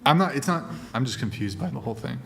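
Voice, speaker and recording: Male streamer host, mid pitch, profane, animated casual ranting. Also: fast, vocal fry. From Italian heritage. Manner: heavy swearing, animated ranting with frequent laughs. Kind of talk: casual live stream rant.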